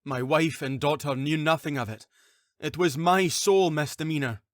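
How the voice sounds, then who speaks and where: A man's voice: a little high, normal speed, dry recording, studio quality, voice pushed up, close to an everyday voice. A man voicing a guilt-ridden, resigned husband and father who speaks in a remorseful, subdued way. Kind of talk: audiobook character voice.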